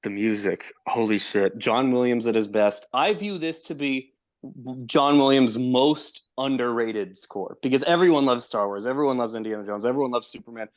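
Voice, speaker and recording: A man's voice: mid-range voice, normal speed. A man appearing as a podcast guest who laughs often and talks eagerly about film music. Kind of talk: casual chat.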